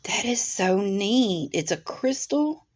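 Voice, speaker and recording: A woman with an animated, darkish mid-range voice speaks slowly. She hosts a craft channel, unboxing crafts at her home desk by a window and chatting casually to viewers, gushing and exclaiming along the way.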